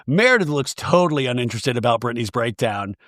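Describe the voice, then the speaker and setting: Male podcast host; chatty, gossipy recapper, animated pitch, dry close sound. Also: quick pace, dry recording. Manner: chatty, gossipy, acting out every quote. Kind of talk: casual reality TV recap.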